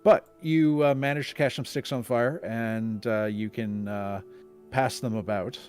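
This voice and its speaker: A man narrating a tabletop game as game master over a video call, pausing often with uh fillers. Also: medium pitch, steady tone, darkish tone, smooth, soft background music. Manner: halting narration full of uh fillers.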